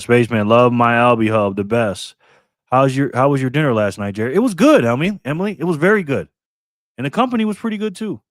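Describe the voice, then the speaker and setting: Relaxed male streamer with a mid-range voice, chatting with viewers, close dry mic. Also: medium pitch, no room sound. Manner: laid-back, greets viewers by name, says "man" and "bro" often. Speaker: livestream host. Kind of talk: casual livestream chat reading viewer comments.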